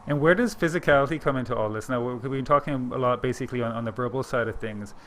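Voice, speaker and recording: A man hosts a casual interview podcast in a middle-pitched voice. He talks fast, stringing loose questions together with fillers, and a faint noise sits under the recording. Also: a bit bright. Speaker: podcast host.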